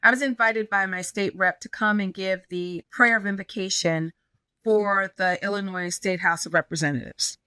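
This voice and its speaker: Bright-voiced woman pastor telling a story. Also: mid-range voice, moderate pace, smooth, dry recording. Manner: animated, acts out quoted dialogue. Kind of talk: conversational interview storytelling.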